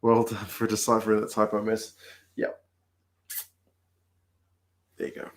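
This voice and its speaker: Man, New Zealand accent, livestream host, casual chat, relaxed, middle-aged. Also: fairly low pitch, a little slow. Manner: relaxed, chatty, answers viewer questions aloud. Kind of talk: casual chat reading comments.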